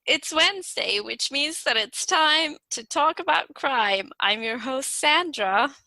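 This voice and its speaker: A woman's voice: high voice, animated, takes it slowly, vocal fry, pushed and bright, no echo, poor audio. A woman hosting a true-crime podcast, reading her case notes steadily and giggling between lines. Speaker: podcast host. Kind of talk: scripted true-crime narration.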